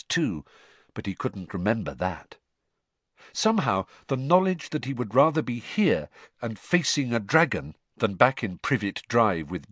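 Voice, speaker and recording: Give me a male audiobook narrator with a lively, expressive delivery and a dry, close sound. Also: fairly low pitch, no echo. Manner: expressive, varied storytelling delivery.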